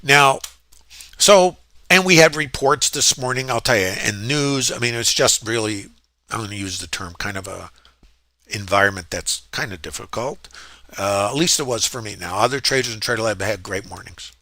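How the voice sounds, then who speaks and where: A man's voice: on the low side, moderate pace, sharp tone, no room sound. A man walking through his trades in a casual, rambling lesson, often asking rhetorical questions. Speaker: trading educator. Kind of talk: screen-share trading lesson.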